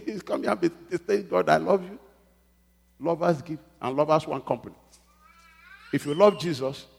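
A husky, slightly high-voiced middle-aged man preaches from the pulpit. He drops to hushed pleading, then rises to loud exhortation and calls for amens. His voice rings through the long reverb of a church hall. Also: lively intonation, normal speed, pauses often. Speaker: pastor. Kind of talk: sermon.

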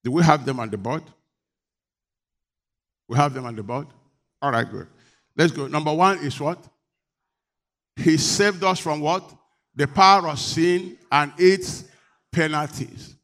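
A man's voice: a little high, measured pace, pauses often, a bit bright. A man preaching a sermon, leading the congregation in call-and-response and rising to emphatic declarations. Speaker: pastor.

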